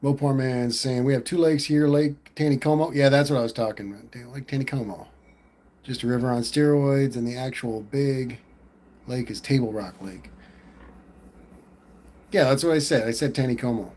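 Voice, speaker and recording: A man's voice: medium pitch, normal speed, darkish tone. A man hosting a casual livestream, reading viewer comments aloud and answering in a laid-back, rambling way. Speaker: livestream host reading chat.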